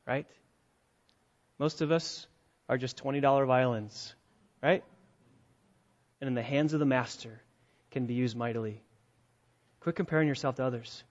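A male pastor preaching a sermon, emphatic, with rhetorical questions, dropping to a hush and then rising to loud, urgent stretches. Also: medium pitch, moderate pace, pauses often. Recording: dull lo-fi recording.

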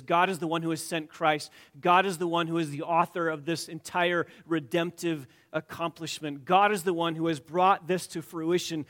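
A male preacher with a fairly high voice delivers a sermon. He sinks to hushed, almost whispered lines, then rises to loud, emphatic declarations. He drives his points home by repeating phrases. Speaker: pastor.

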